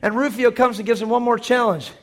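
A man preaching a sermon who retells a movie in an animated way, acting out the scenes with sudden loud bursts. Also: very high voice, quick pace.

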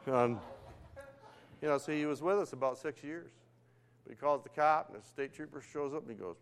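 An older man preaching a sermon, telling stories in a lively way that swings from hushed to loud. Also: mid-range voice, a little fast. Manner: animated storytelling, swings between hushed and loud.

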